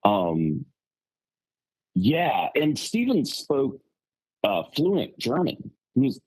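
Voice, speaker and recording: A man on a podcast telling a story in casual chat, rambling and animated with lots of fillers. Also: medium pitch, extremely slow, husky, no echo, poor audio. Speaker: podcast co-host.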